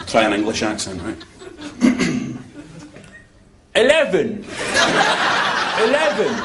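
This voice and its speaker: A man's voice: on the high side, wildly swooping pitch, slow pace, exaggerated voice. An actor with a Scottish accent playing a frustrated man stuck in a lift, exasperated and repeating himself. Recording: loud audience laughter and noise.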